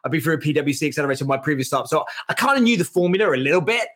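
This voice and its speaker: Man, podcast guest, lively storyteller, swears freely, slightly higher pitch. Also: rapid-fire. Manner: animated, swears freely, acts out voices. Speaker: guest, startup founder.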